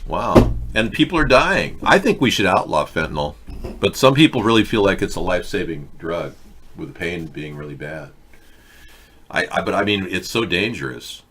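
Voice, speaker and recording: Man, show host, political commentary, wry, rambling, low bright voice. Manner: rambling, wry, halting restarts.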